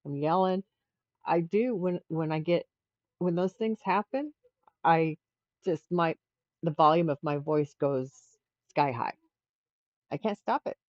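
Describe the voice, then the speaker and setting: A woman's voice: deep voice, unhurried, long pauses, dry recording, lo-fi sound. A middle-aged woman hosting a livestream, telling a rambling story in casual chat with frequent restarts. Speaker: livestream host.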